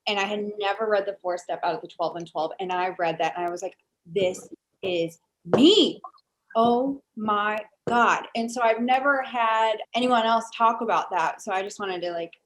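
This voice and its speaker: A woman's voice: medium pitch, a little fast, hardly any pauses, low-quality recording. Affirming woman podcast host. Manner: warm, affirming, animated. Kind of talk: conversational interview.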